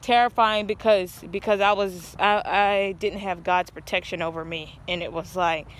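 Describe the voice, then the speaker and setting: A woman's voice: on the low side, fairly even intonation, moderate pace. A woman telling a long personal story in a casual vlog, rambling and earnest, often restarting her sentences, speaking outdoors. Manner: rambling, earnest, stop-start. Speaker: vlogger.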